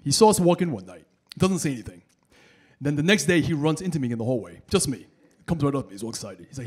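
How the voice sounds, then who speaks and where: A man's voice: mid-range voice, quick pace, slightly rough. A man in his thirties doing a stand-up comedy set, telling stories and acting out voices. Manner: animated storytelling, acting out voices. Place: comedy stage with laughing audience.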